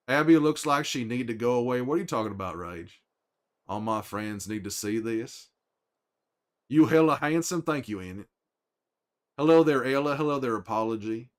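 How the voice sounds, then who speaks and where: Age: middle-aged. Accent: Texan drawl. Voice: a man doing a gruff, weary Texan, mid-pitched. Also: a bit bright, lightly acted. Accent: Texan Southern drawl. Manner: drawling, folksy, teasing, trails off with "there" and a name. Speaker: streamer in character. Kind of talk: in-character chat with stream viewers.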